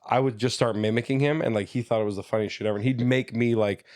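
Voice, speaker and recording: A man in his thirties, a comedian guest telling stories in lively, casual podcast chat and often checking in with "you know what I mean.". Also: mid-range voice, fast, dry recording, studio quality. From Canada, Ontario. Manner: animated storyteller who slips into voices, says "you know what I mean" often.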